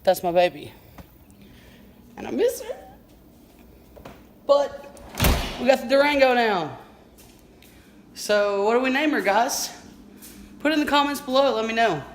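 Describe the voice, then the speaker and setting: A woman's voice: fairly high pitch, sing-song, measured pace, long pauses, background noise. A young adult woman vlogging in a casual, profane, slangy way, filmed on a handheld phone outdoors by her car. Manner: laid-back, profane, slangy. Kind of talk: casual vlog chat.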